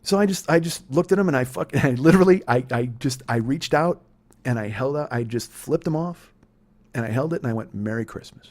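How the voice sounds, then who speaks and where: A man in his forties tells a confessional story in a rushed, husky voice. He talks intensely and profanely, rambling and circling back on himself as the words tumble out. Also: mid-range voice, darkish tone. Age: 40s. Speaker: comedy podcast host.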